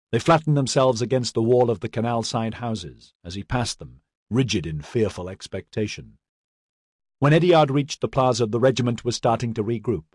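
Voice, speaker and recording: A man reading fantasy fiction as a steady, measured audiobook narrator. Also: fairly low pitch, slightly rough, dry recording, clean studio sound. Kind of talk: scripted narration.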